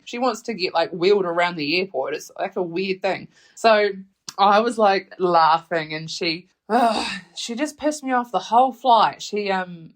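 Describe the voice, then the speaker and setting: A woman telling a travel story as a podcast host, animated and quick to laugh, swearing freely and acting out her own reactions. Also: lowish voice.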